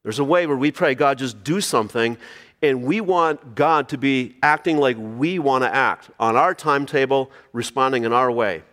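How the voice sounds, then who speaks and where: A man's voice: medium pitch, moderate pace, hardly any pauses, a bit bright, in a large hall. A man preaching a sermon, reading scripture aloud and asking the congregation rhetorical questions. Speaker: pastor.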